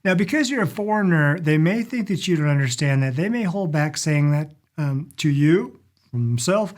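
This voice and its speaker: A middle-aged man giving a casual lesson on polite phrases, repeating each word slowly for learners. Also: a little high, expressive, a little mellow. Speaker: language and culture teacher. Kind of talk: casual instructional talk.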